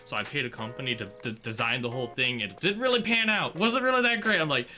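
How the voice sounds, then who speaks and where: A man's voice: medium pitch, fast, sharp tone. Rambling self-deprecating man, music behind. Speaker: podcast co-host. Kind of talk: casual chat.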